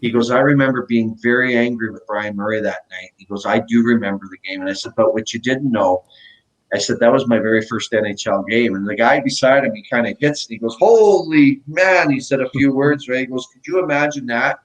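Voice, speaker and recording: A middle-aged man, a former pro hockey player, casually telling animated stories in a podcast interview and acting out the quotes. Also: medium pitch, fast talker, rough recording. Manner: animated anecdotes, acts out quotes.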